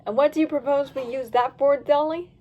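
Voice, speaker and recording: A woman's voice: sits high, steady tone, a little fast, highs cut off, natural voice. A woman voicing a cautious, sensible male Dalmatian pup, talking firmly and with some worry. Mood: fretful firm.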